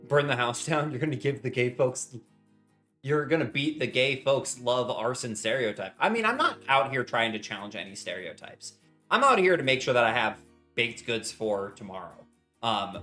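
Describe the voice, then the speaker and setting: A man's voice: mid-range voice, fairly bright tone. A young man streaming casually from his home kitchen while he bakes, rambling cheerfully and greeting his chat with strings of hellos.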